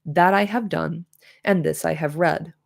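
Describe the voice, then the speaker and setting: A woman's voice: sits low, creaky, exaggerated voice. Woman reading as a grave old wizard. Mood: solemn. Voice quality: nasal. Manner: slow, solemn, measured reading.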